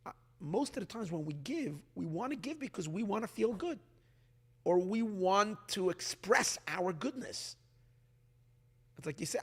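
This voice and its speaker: A man, a rabbi, teaching a lively Torah class, sometimes voicing the body and Earth, swinging from hushed to loud. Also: high-pitched, a little slow, slightly rough. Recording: long hall reverb.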